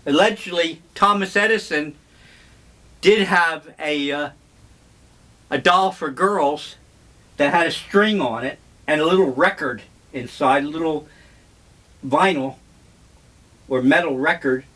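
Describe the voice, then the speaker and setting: An older man talks slowly and unhurriedly, wandering from memory to memory with dry humor. His voice sits somewhat high for a man. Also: bright, forceful tone. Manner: slow, rambling, wry. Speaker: vlogger. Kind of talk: casual reminiscing monologue.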